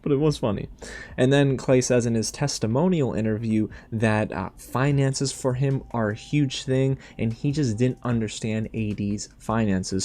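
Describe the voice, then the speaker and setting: Sassy man recapping a dating show. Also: mid-range voice. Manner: animated and sassy, addresses viewers directly. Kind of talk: casual recap and review commentary.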